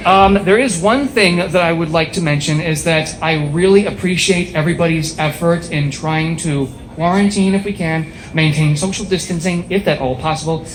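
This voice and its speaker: A young man with a high voice delivers a deadpan, self-deprecating stand-up set through a face mask. He is on a small bar stage before a live audience. The room is echoey, with faint ambience behind him. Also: normal speed, hardly any pauses, a little hiss or hum. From upstate New York. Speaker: stand-up comedian. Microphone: speaking through a face mask.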